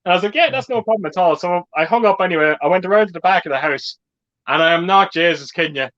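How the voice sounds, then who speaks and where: Man, high voice, casual chat host, swears a lot, laughs often, dull lo-fi sound. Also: fast, a bit bright.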